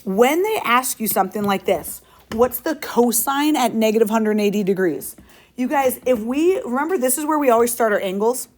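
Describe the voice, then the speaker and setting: A woman with a slightly high, expressive voice and a darkish tone speaks at normal speed. She's a high school math teacher giving an upbeat, playful classroom lecture full of questions for her students.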